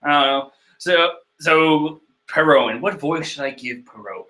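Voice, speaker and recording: A man giving casual, animated commentary on a manga chapter, exclaiming and joking in disbelief. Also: a little high, normal speed. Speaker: manga reader and reviewer.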